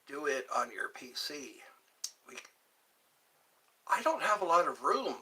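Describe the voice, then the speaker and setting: A man's voice: a little high, sing-song, measured pace, sharp tone. A man hosting a casual livestream, rambling and chatting directly with his viewers. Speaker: livestream host.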